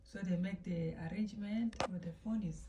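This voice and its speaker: A woman telling a family story in casual storytime style, chatty and animated, acting out the quotes and dropping to whispers. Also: mid-range voice, moderate pace, background noise. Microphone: phone. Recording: echoey room, distant from mic.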